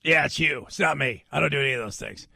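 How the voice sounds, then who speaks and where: A man putting on a defensive, ranting conspiracy talk host in a low, gravelly voice. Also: fast talker, bright, forceful tone, no room sound, heavily acted.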